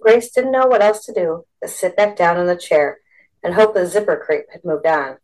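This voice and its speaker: A woman narrating a storybook with a steady, expressive delivery. Her voice sits slightly low for a woman. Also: moderate pace, low-quality recording. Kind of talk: storybook reading.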